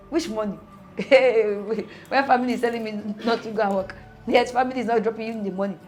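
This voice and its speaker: A young woman telling her own story in an animated way, with rhetorical questions and laughing asides. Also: a little high, moderate pace. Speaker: interviewee. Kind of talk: personal storytelling. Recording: music playing underneath.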